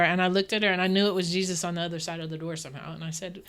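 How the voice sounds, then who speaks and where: Bright, clear-voiced woman telling faith stories. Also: fairly low pitch, fast. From Dallas, Texas. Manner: animated, earnest, laughs often, many restarts. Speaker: guest. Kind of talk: candid interview storytelling.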